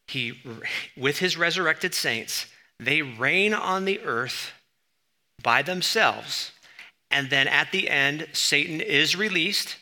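Male preacher, conversational sermon delivery, emphatic bursts, very bright cutting voice. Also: fairly high pitch. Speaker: pastor. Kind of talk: sermon teaching.

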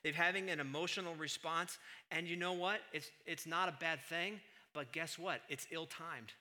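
A pastor preaches a sermon at normal speed, shifting between quiet, low asides and loud, emphatic stretches.

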